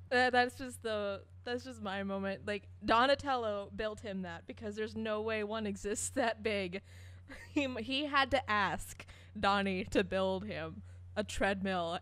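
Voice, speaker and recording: Slow-talking young woman on a podcast. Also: medium pitch, fairly bright tone, no echo. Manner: unhurried, thoughtful, laughs easily. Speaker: podcast co-host. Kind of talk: casual chat about a cartoon.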